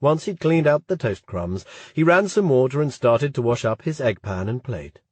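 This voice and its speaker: Man, audiobook narration, husky voice, steady, dry close mic. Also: mid-range voice, normal speed, no echo. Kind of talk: scripted narration.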